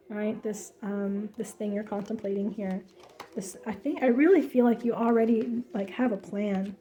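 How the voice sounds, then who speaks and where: Chatty woman doing a tarot reading, kinda high voice, lots of um and like. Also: warm tone. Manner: emphatic, chatty, many fillers and restarts. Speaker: tarot reader. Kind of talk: casual spoken tarot reading.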